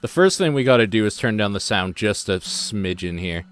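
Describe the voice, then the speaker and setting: A man's voice: lowish voice, animated, moderate pace, faint music behind. A man streaming a game, talking casually as he thinks aloud and works through the controls and menus. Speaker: let's-play streamer. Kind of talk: casual gameplay commentary and reading game text aloud.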